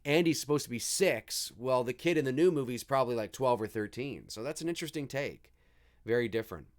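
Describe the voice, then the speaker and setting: A man's voice: mid-range voice, animated, quick pace. A man hosting a live movie commentary stream, talking in a rambling, easygoing way and swearing freely.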